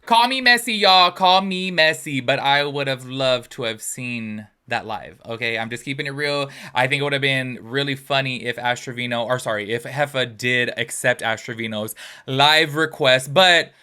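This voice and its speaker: Chatty, gossipy young man, bright voice. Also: mid-range voice, moderate pace, clear, resonant tone. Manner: gossipy, animated, lots of filler words. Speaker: commentary channel host. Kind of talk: casual drama commentary.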